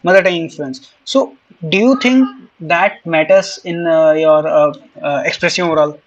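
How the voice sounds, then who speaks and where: A man with a high, light voice asks his questions as a French teacher. He talks casually and keeps stopping on "uh" and "you know" while he gets his thoughts together. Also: normal speed, lo-fi sound. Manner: hesitant, many fillers and restarts. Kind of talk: casual interview.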